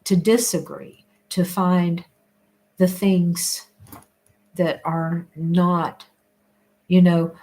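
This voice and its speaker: A woman's voice: lowish voice, steady tone, drawn-out words, pauses often, warm tone. Rambling, reflective woman chatting. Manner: rambling, restarts often, laughs between thoughts. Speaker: livestream host reading viewer comments. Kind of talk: casual reflective chat.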